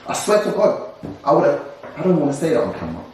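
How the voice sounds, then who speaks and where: A young man, co-hosting a casual discussion podcast in an animated, ranting way with frequent laughs. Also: a little high, quick pace, recorded from a distance, a little hiss or hum. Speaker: co-host. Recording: echoey room, voice away from mic.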